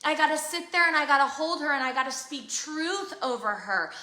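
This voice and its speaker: Woman, 30s, live faith-chat co-host, emphatic and earnest, bright voice, echo in the room. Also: high-pitched, expressive, fairly quick. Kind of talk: casual live conversation. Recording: roomy echo.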